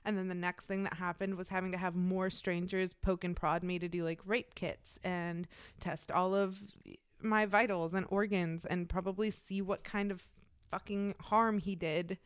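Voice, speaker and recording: A woman's voice: on the low side, flat delivery, moderate pace, clean tone, dry recording, studio quality. A woman co-hosting a true-crime podcast, telling a story in a casual, blunt way, swearing freely and acting out what people said.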